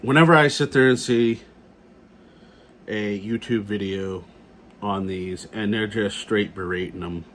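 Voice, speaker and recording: A man's voice: on the low side, unhurried, long pauses, fairly bright tone, slight background noise. Blunt, cursing man ranting on camera. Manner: blunt, profane, repeats himself. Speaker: gun vlogger. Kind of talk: casual ranting vlog.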